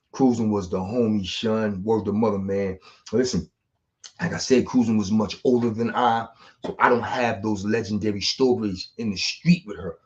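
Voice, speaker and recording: A man, telling street stories in a slangy, animated way. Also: lowish voice. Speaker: street storyteller. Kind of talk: casual storytelling monologue. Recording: dull lo-fi sound.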